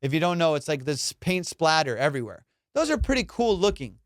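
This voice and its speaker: A man hosting a comedy podcast, ranting in a casual, profane, animated way and slipping into mock voices. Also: a little high, fairly quick, no echo, studio quality. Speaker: podcast host.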